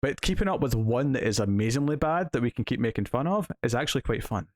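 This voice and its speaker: Male podcast host, casual rambling chat, middle pitch, dead-dry close-miked sound. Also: expressive, quick pace, dry recording. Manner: laughs often, filler-heavy rambling.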